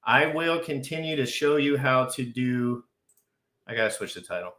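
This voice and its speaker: A man hosting a live crypto stream, talking frantically, overexcited, with shouts and repeated phrases. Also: medium pitch, lively intonation, normal speed, reverberant. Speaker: crypto livestream host. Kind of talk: excitable live stream chat.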